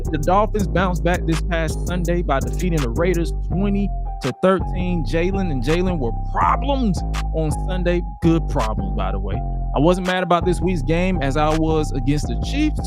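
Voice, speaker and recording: A man hosting a wrestling and sports podcast live, talking in a laid-back, slangy way and calling out to his listeners. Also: on the high side. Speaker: podcast host. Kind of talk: casual sports podcast chat.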